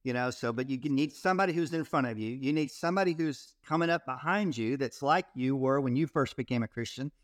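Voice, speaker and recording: Male ministry guest, mid-pitched, animated storyteller, dry close-mic recording. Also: fast, few pauses, no room sound. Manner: animated storyteller, frequent repeated starts. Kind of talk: casual interview, storytelling.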